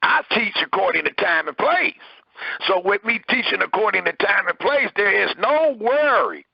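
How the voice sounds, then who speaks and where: A man's voice: big pitch swings, normal speed, gravelly, husky, no echo, muffled recording. A man preaching a sermon, reading scripture aloud and pressing hard on his words. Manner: emphatic, preaching with rising and falling pitch.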